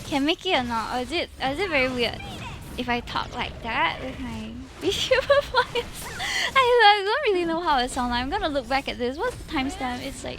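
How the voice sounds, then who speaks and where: A young woman VTuber with a Singaporean accent chats casually and giggles on her live stream, dropping in Singlish particles. Her voice is high-pitched, with background noise audible.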